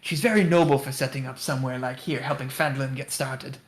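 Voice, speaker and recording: A man's voice: mid-range voice, steady tone, quick pace, slight background noise, lightly acted. A man voicing an earnest, noble male warrior in a tabletop game.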